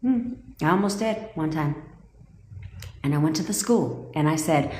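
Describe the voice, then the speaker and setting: A woman's voice: low voice, expressive, unhurried, pauses often, mellow, a little hiss or hum. A woman in her thirties from California, a manifestation coach talking bluntly and profanely in a casual livestream from home on a phone. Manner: blunt and profane, heated rants. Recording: roomy echo.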